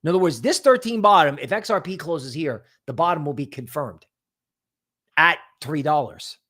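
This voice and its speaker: A man hosting a casual crypto market stream, talking in an animated, rambling way full of asides. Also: a little high, normal speed. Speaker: crypto market show host.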